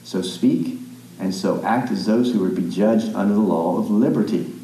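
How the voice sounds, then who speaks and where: A man's voice: on the low side, normal speed, dark tone, roomy sound, rough recording. A man preaching a sermon as a pastor, reading scripture aloud and explaining it plainly, with small restarts and asides. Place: church sanctuary.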